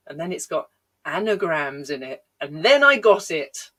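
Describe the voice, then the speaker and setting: Bright-voiced rambling British comedian woman. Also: on the low side, lively intonation, normal speed, slightly rough. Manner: rambling, self-deprecating, lots of ums and laughs. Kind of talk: chatty live-stream stand-up.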